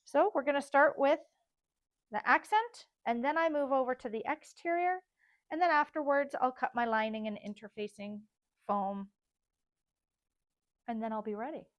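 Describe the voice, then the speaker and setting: A woman's voice: sits high, normal speed, pauses often, no echo. A woman designer teaching a casual step-by-step sewing tutorial, chatting and thinking aloud as she works.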